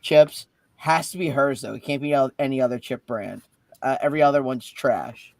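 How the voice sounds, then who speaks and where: A man's voice: mid-range voice, normal speed, vocal fry, darkish tone, no room sound. Earnest young guy, dry close sound. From Italian-American family. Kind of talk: casual chat.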